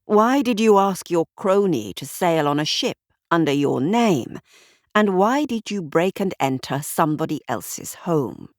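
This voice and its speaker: A woman voicing a calm, formal male detective with a precise, measured manner, in an audiobook mystery. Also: on the high side, no room sound, clean studio sound. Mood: cold.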